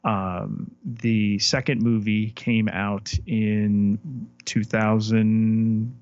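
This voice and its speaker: A man's voice: fairly low pitch, flat delivery, very slow, a little mellow, clear, resonant tone, dry recording, dull audio. A man co-hosting a podcast, talking through a film in a hesitant way, often repeating words as he thinks aloud. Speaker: podcast co-host. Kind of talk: casual film discussion.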